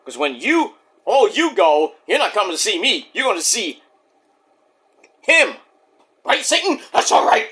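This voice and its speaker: Excitable male wrestling vlogger, bright, high voice, profane and theatrical. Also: measured pace, pauses often, breathy edge. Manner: excitable and profane, acts out quotes in silly voices. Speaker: wrestling show reviewer. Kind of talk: casual solo review vlog.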